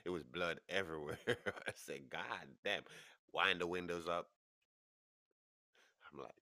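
Deep-voiced New York man telling a story. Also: a little slow, pauses often, pushed and bright, no echo, clean studio sound. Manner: laughs through the story, voice jumps high for quoted people. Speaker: podcast host. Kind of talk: animated storytelling.

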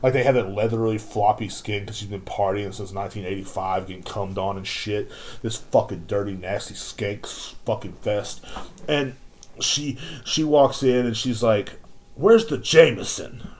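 A man's voice: on the low side, fairly even intonation, normal speed, a little mellow. A man hosting a podcast, telling a rambling, profane story about his job as a store clerk. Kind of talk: casual rant.

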